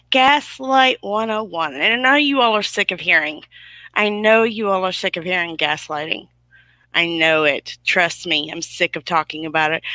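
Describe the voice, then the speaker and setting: A woman's voice: lowish voice, bright, forceful tone, dry recording. A woman hosting a livestream, ranting with indignant, sarcastic emphasis to her viewers. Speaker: YouTube livestream host. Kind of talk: casual livestream commentary.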